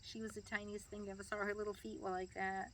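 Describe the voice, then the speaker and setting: A woman's voice: mid-range voice, flat delivery, quick pace. Older grandmother telling family stories. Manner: chatty, laughing, acts out quoted voices. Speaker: grandmother being interviewed. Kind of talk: family storytelling interview.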